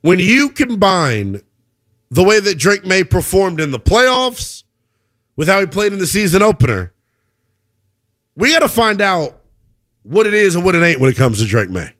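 A man's voice: sits high, big pitch swings, moderate pace, pauses often, a bit bright. A man hosting a sports talk radio show, delivering an emphatic, opinionated monologue and taking calls.

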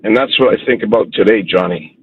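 A middle-aged man calling in to a radio show, telling a heartfelt story in an animated way. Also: on the low side, a little fast, slightly rough, no echo, phone-quality sound. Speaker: caller. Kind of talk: phoned-in storytelling.

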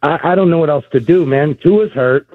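A man's voice: on the high side, a little fast. A man calling into a sports radio show, wry and exasperated, over a phone line. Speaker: caller. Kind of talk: call-in phone chat.

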